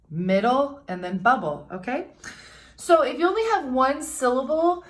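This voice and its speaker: A young woman teacher giving a recorded lesson, patiently explaining step by step and sounding out words slowly. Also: mid-range voice. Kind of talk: recorded remote classroom lesson.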